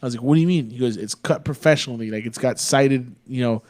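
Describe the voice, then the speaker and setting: A man's voice: medium pitch, quick pace, a little mellow. A young man from Texas, a podcast co-host, telling a long rambling story in a casual, profane way. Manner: profane, rambling, laid-back.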